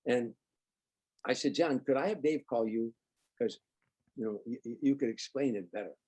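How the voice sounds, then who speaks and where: An older man, a comedian guest, telling lively anecdotes in an interview and acting out the dialogue. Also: mid-range voice, normal speed, husky. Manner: animated anecdotes, acts out quoted dialogue. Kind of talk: storytelling interview.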